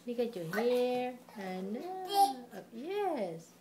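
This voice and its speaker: A woman's voice: a little high, sing-song, slow, noisy background. A woman at home coaxing a baby in sing-song baby talk, repeating simple words for the baby to say. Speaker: parent talking to a baby. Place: home, indoors.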